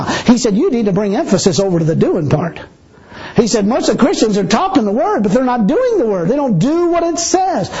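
High-voiced emphatic male preacher. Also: darkish tone. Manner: emphatic, blunt, mocking asides. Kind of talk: sermon. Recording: dull lo-fi recording.

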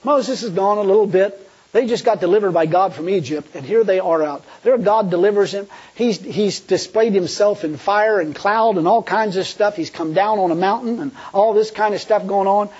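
Over dull audio, a male preacher delivers a folksy sermon in a high, slightly mellow voice with a breathy edge. He talks colloquially, laughs at his own jokes, and acts out the pleas he quotes.

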